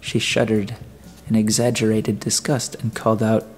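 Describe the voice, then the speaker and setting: A man narrating an audiobook in a measured, even storytelling manner. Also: lowish voice, faint music behind. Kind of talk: scripted narration.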